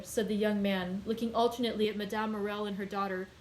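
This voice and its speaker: A woman librarian hosting a daily read-aloud, reading a classic novel in a clear, measured storytelling voice. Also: medium pitch, level tone, slight background noise, low-quality recording.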